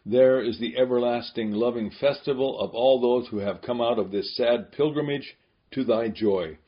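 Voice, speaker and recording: Man doing a slow prayerful devotional reading, mid voice, kinda dull lo-fi recording. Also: mid-range voice. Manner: solemn, measured, prayerful.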